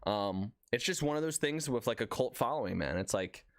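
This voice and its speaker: A man's voice: medium pitch, animated, fairly quick, smooth, no room sound, studio quality. A young man from Northeast Philadelphia co-hosting a podcast, rambling in casual chat with lots of fillers. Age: young adult. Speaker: podcast co-host.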